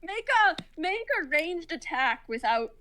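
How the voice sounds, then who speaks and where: A woman with a high voice runs a tabletop game in a loose, casual way. She narrates actions plainly, stopping for "uh" and "um" as she looks things up, and laughs along with her players. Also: very animated, unhurried, bright, forceful tone, rough recording. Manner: casual, laughs often, fillers while checking rules. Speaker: game master.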